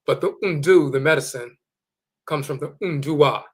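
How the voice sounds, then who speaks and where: Male teacher, a touch high in pitch, slow and deliberate, repeats key words while explaining. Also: husky. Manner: carefully sounding out foreign words. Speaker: teacher of Akan spiritual tradition. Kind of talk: explanatory lecture with dictionary readings.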